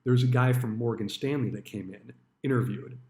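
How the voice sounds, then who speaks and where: A man's voice: mid-range voice, normal speed, darkish tone. Blunt, cursing male storyteller in an echoey room. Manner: blunt, swears freely, acts out quoted dialogue. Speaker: retired stockbroker telling stories. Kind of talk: casual storytelling monologue. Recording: roomy echo.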